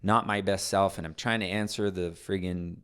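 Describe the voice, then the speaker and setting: Middle-aged guy w a really low voice, chatty guest spinning stories, acts out the voices, lots of restarts. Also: normal speed, smooth. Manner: animated, acts out voices in anecdotes; frequent restarts and trailing phrases. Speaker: podcast guest. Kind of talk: storytelling in conversation.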